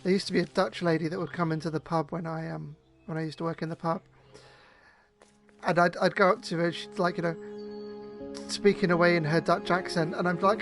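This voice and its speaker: A man's voice: on the high side, flat delivery, a little fast, over music. A man giving chatty, playful commentary while streaming a game. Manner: chatty, playful, joking asides. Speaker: gaming streamer. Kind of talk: casual let's-play commentary.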